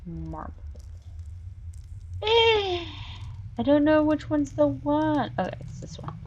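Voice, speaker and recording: A woman's voice: high voice, wildly swooping pitch, takes it slowly, dull audio, a little hiss or hum. A woman hosting a casual live stream, chatting and laughing while she builds in a virtual world and coos at her cats. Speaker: streamer and show host.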